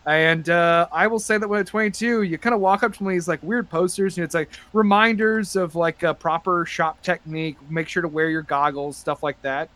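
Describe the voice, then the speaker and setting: A man narrating and chatting as game master on a tabletop podcast, rambling with many fillers and getting excited. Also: fairly high pitch, fairly quick, hardly any pauses.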